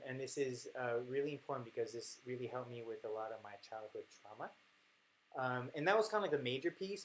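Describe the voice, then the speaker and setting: A man speaking candidly and haltingly in a personal reflective monologue, with many fillers and restarts. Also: mid-range voice, a little hiss or hum, rough recording. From France. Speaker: host.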